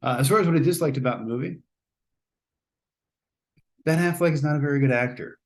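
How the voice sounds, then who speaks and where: A man's voice: on the high side, fairly quick. A man hosting a casual spoken movie review, chatty and rambling, often hedging and restarting his sentences. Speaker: host.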